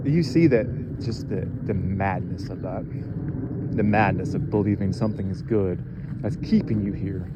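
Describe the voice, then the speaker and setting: A man's voice: low-pitched, normal speed, very noisy. A man delivering an impassioned monologue rant, angry and profane, firing off rhetorical questions.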